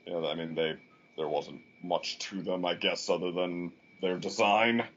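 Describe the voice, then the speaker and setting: A man's voice: low voice, steady tone, unhurried, highs cut off. A man hosting a casual discussion podcast, rambling along with many fillers and restarts. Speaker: podcast host.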